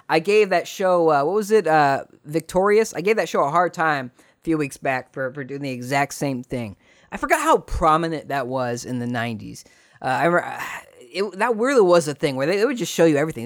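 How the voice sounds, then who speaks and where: Brief: man hosting a casual solo podcast, rambling, animated, lively storyteller, dry close sound. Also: fairly high pitch, no room sound. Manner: rambling, animated retelling with voices for quotes. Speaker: podcast host.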